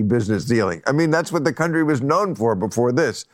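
A man in his sixties hosts a relaxed talk conversation, mid-pitched and blunt with a wry edge. His voice is close and dry, with no room sound around it. He often stumbles and restarts when cutting in to make a point. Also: a little fast, few pauses, no room sound. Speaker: talk show host. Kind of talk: casual conversation.

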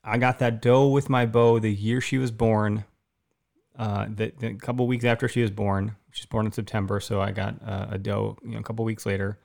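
Gravelly podcast co-host, a man in his thirties who tells stories eagerly and restarts often. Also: fairly low pitch, normal speed. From Wisconsin. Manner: excited storyteller, many restarts. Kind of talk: casual chat, storytelling.

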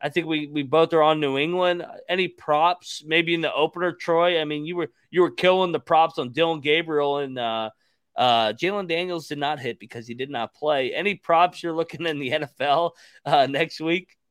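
A man's voice: a little high, normal speed, a bit bright, smooth, dry recording. A man hosting a casual sports talk podcast, swearing and laughing a lot. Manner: profane, laughing, rambling. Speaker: podcast host.

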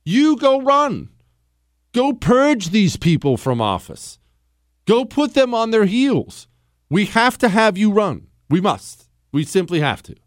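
A man's voice: high voice, sing-song, unhurried, no room sound, studio quality. A man hosting a talk radio show, blunt and emphatic, repeating his lines for punch. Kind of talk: opinionated talk radio monologue.

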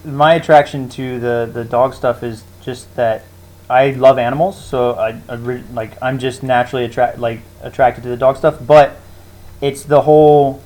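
Male co-host, casual and loose, middle pitch. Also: a little mellow, rough recording. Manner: loose, uses many fillers. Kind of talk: casual podcast chat.

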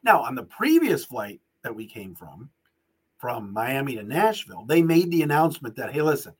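Animated husky-voiced man ranting. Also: mid-range voice, moderate pace. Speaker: podcast host. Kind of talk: casual podcast monologue and ad read.

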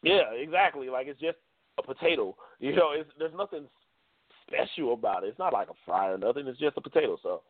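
A man's voice: mid-range voice, animated, a little fast, no room sound. Laughing man on a tinny line. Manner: laughs often, blunt and playful. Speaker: podcast co-host. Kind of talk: casual podcast chat. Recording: dry, phone-like sound.

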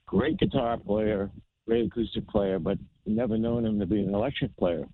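A man's voice: fairly low pitch, moderate pace, dry recording. A man from New Jersey telling stories in an interview as a guest guitarist, acting out the voices of the people in them. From New Jersey, United States. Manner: animated anecdote teller, acts out voices of others. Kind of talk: storytelling interview. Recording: tinny phone-line sound.

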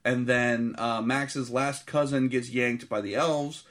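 A man's voice: medium pitch, fairly even intonation, slow, fairly bright tone. A man co-hosting a casual movie podcast, recapping the plot in a blunt, profane storytelling way.

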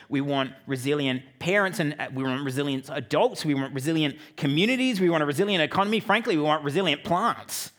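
An Australian man giving a sermon as a pastor, telling a family story with joking asides to the congregation. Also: a little high. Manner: lively, joking asides to the audience.

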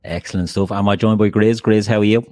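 A man hosts a casual football podcast, speaking low and fairly even. He calmly introduces each guest and steers the conversation. The sound is dry and close. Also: fast talker, no echo. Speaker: podcast host.

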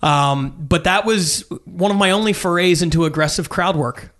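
A man's voice: high voice, moderate pace. A man in his thirties, a stand-up comedian telling a story in casual chat and acting out the voices he quotes. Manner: animated, acts out quotes with swearing.

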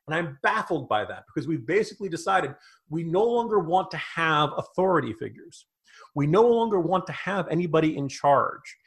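A man co-hosting a political commentary podcast, talking in an emphatic, animated way. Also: a little high. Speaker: podcast co-host.

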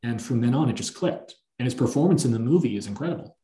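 A man hosting a podcast, chatting casually about films and telling long, animated anecdotes. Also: medium pitch, quick pace. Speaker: podcast host. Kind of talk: casual film-discussion chat. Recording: echoey room.

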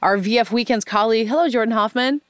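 A woman's voice: on the high side, fast, dry recording, clean studio sound. A woman hosting an awards-season podcast, chatting casually with fillers. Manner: relaxed, chatty with frequent fillers. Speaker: podcast host. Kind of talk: casual chat.

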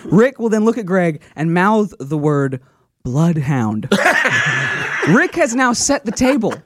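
A man co-hosts a radio show in loose comedic banter. His voice sits high and swings widely in pitch, while he talks at an unhurried pace. He laughs often between stories. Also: very animated, a bit bright, dry recording. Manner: storytelling with frequent laughter.

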